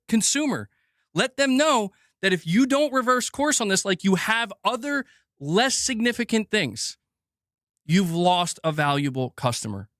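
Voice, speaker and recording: Guy ranting on his stream, high bright voice, sarcastic and swearing a lot, dry sound. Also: no echo. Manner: sarcastic, heated and profane. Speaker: gaming news streamer. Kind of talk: livestream rant.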